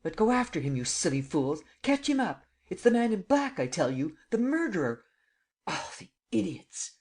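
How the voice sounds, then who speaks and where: A cocky, mocking gentleman thief, voiced by a male reader in a storybook. He teases in a lively, upward-bouncing voice and flares into loud shouting when crossed. The reader's voice sits at a middling pitch underneath. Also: a little fast, lightly acted. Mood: furious. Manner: teasing, lively, rising to shouts.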